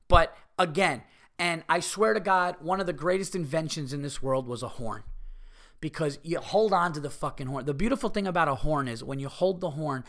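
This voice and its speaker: Bright-voiced man ranting on his podcast. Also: on the high side, a little fast. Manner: profane, heated ranting. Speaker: podcast host. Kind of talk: solo comedy podcast rant. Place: home.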